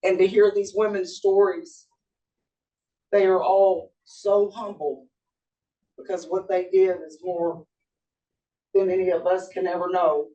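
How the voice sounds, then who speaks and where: A woman giving heartfelt, measured thanks as a guest speaker. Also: on the low side, level tone, dark tone, highs cut off. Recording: distant mic.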